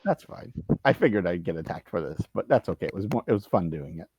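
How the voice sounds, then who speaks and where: A man's voice: deep voice, animated, quick pace, a little mellow, a little hiss or hum. A man playing a tabletop role-playing game, chatting casually and stammering, repeating his words. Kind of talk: casual role-play chat.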